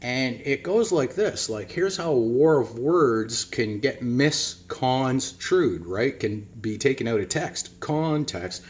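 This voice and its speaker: A man's voice: mid-range voice, animated, slow pace, hardly any pauses. A middle-aged man giving a rambling casual monologue to his viewers, often calling them "people" and repeating his words. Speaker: vlogger.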